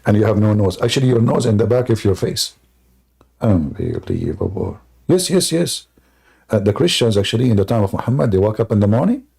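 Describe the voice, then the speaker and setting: A man's voice: mid-range voice, creaky, mellow, slightly rough. A man hosting a live debate show, talking sarcastically and joking in non-native English, laughing at his own jokes. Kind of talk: mocking live debate monologue.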